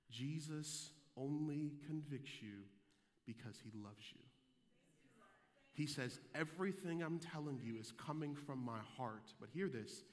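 A young adult man, a pastor, preaching a sermon in a church sanctuary, moving between quiet teaching and shouted calls to the congregation. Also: fairly high pitch, big-room sound.

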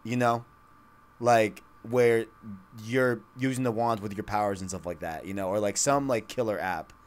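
A man co-hosting a casual gaming podcast, rambling and excitable, filling his talk with "like" and "you know". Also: fairly low pitch, moderate pace. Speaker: podcast co-host. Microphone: studio microphone.

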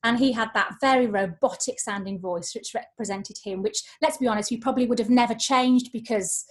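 A woman's voice: fairly high pitch, fairly quick. A woman, a voice coach talking expressively in a podcast conversation. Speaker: voice coach guest.

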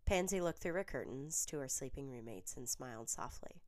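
A woman narrating a piece of fan fiction in steady storytelling. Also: extremely low pitch, moderate pace.

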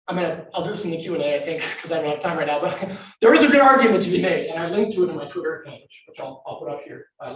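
A man's voice: high voice, fairly bright tone. Distant echoey man giving a wry talk. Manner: conversational, wry, audience questions. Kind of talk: live talk to an audience. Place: room with a live audience. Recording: echoey room from far off, dull sound.

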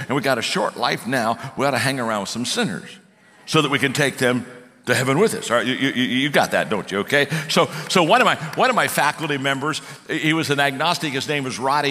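A man preaching a sermon in a folksy, animated storytelling manner, with many restarts. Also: medium pitch, big-room sound.

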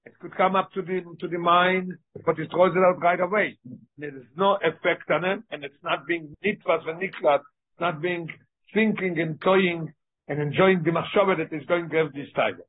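A man teaching a text study lesson. He reads passages aloud quickly and then explains them more slowly. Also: a little high, breathy edge. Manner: reads Hebrew quickly, then explains slowly in English with Yiddish-inflected terms. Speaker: Torah teacher. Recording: tinny phone-line audio.

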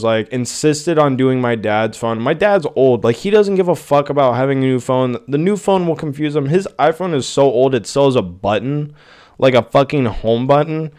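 A man's voice: mid-range voice, moderate pace, darkish tone, smooth. A young man hosting a casual solo podcast, ranting in an exasperated, profane way. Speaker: podcast host.

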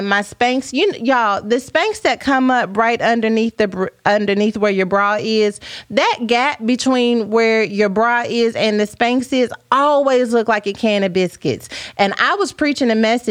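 A woman in her thirties hosting a casual chat with viewers, playful and animated, with preacher-like asides. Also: on the high side, no room sound, clean studio sound. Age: 30s. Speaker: podcast host.

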